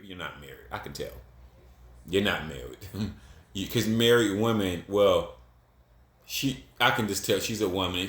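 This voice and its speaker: In a casual vlog monologue, a middle-aged man from Columbus, Ohio gives blunt, repetitive advice full of swearing and laughs at himself. His voice is lowish and a bit bright, and the room is echoey.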